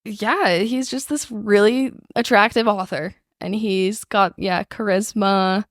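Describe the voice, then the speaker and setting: A woman's voice: mid-range voice, fairly even intonation, slow, dry recording, clean studio sound. A young woman co-hosting a book club podcast, chatting casually and rambling with fillers. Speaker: podcast co-host.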